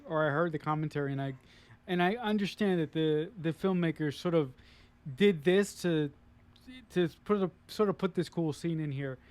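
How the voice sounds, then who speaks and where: A man's voice: on the high side, darkish tone. A man co-hosting a casual film discussion, retelling the plot loosely with many fillers and restarts.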